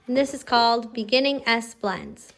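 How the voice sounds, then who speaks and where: A woman homeschooling her child, explaining a phonics lesson and slowly drawing out letter sounds. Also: fairly high pitch, a bit bright. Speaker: homeschooling parent teaching phonics. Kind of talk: instructional explanation to camera.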